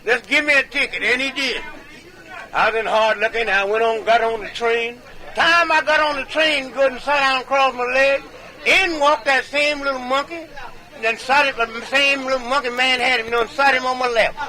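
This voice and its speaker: A man's voice: very high-pitched, steady tone, moderate pace, bright, forceful tone, a faint crowd, low-quality recording. A man telling comic tall tales in a folksy, drawling way, chuckling between punchlines like a medicine show comedian. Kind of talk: comic tall-tale storytelling.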